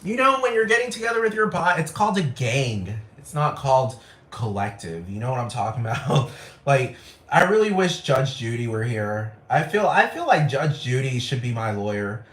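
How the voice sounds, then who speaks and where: A man's voice: mid-range voice, very animated, moderate pace, fairly bright tone, roomy sound, low-quality recording. A man ranting casually to camera, rambling and profane, repeating himself and laughing often. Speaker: vlogger.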